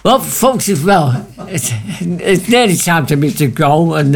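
A man's voice: a little high, moderate pace, hardly any pauses, a little hiss or hum. A man hosting a local radio show, teasing his co-host and laughing as he talks. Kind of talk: casual banter on local radio.

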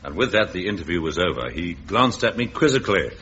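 A man's voice: sits low, big pitch swings, fast talker, pushed and bright. A man narrating a 1960s radio comedy in a mock-heroic, punning manner. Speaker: comic narrator and lead. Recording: dull old radio recording with heavy hiss.

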